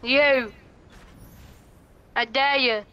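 A female player in casual banter over a video game, teasing and giggling, stammering when excited. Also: high-pitched, very slow, clean tone, highs cut off. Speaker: gamer.

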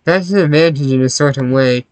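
A man reading a visual novel aloud as its first-person hero, laid-back and deadpan, over faint music. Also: mid-range voice, a little fast, no echo, poor audio.

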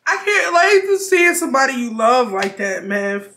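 A woman's voice: sits high, big pitch swings, normal speed, pushed and bright, soft background music. A woman reacting to a film, crying and laughing at once, talking in emotional, slangy casual commentary. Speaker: reaction video host.

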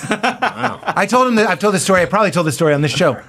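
A man, a comedian guest in casual podcast chat, animated and quick to laugh, acting out quoted voices. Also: sits high.

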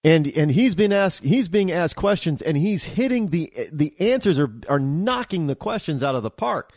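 A man hosting a political talk show, giving an animated opinion monologue and often repeating and restarting his words. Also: on the high side, moderate pace, no echo, clean studio sound.

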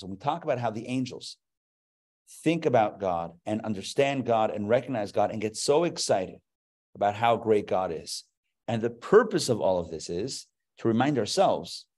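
A man, a rabbi, giving a live class to an audience, explaining terms step by step and growing animated as he goes. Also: mid-range voice.

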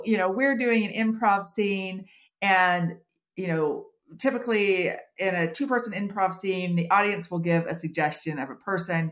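A middle-aged American woman, an HR consultant and podcast guest, talking in a wry, self-mocking way with many fillers. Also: mid-range voice. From United States. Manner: humorous, self-deprecating, chatty with many fillers. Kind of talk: conversational interview.

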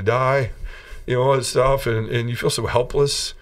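A man's voice: medium pitch, steady tone, moderate pace, clear, resonant tone, far from the mic. A man from Tennessee, a podcast guest, telling his personal story in an earnest and emotional way. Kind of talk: personal testimony in an interview.

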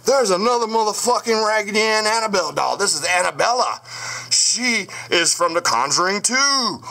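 In a casual monologue recorded on a standing camera, a haunted-doll channel host rails at his commenters with profanity and aggression. He speaks in a high, sharp voice at a moderate pace. Around him is a home room holding dolls and a crib.

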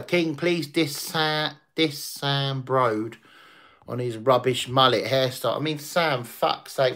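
A man's voice: medium pitch, a bit bright. A man hosting a casual livestream, crude, swearing and boisterous. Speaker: livestream host.

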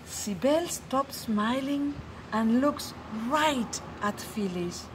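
A woman reads a picture book aloud at a very unhurried pace. Her voice sits a little high and rises and falls in wide, animated swings. A faint background noise, like distant vehicles, hums under the recording. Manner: slow, expressive storytelling with hushed tender passages. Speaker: storyteller. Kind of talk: children's story read-aloud.

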